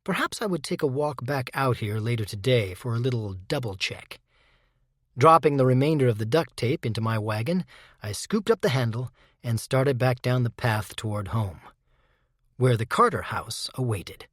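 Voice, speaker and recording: A man reading a first-person audiobook chapter in a measured, even manner, with a dark undertone. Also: mid-range voice, no room sound, studio quality. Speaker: audiobook narrator.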